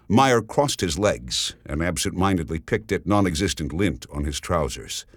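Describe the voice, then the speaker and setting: A man reading scripted narration of a story in a steady, descriptive way. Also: deep voice, moderate pace, few pauses, no room sound, clean studio sound.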